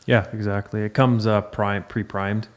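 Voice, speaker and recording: Flat, deep-voiced man, matter-of-fact. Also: moderate pace. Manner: matter-of-fact, explains products plainly. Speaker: guest, mouldings manufacturer. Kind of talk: casual podcast interview. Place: manufacturing facility.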